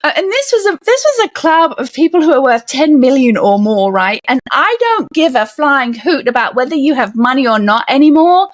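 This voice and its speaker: A woman guest on a podcast, telling stories in a lively way and acting out the voices of the people in them. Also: high-pitched, moderate pace, hardly any pauses, no room sound. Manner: animated storyteller, acts out quoted voices. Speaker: podcast guest, comedian and author. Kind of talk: casual interview talk.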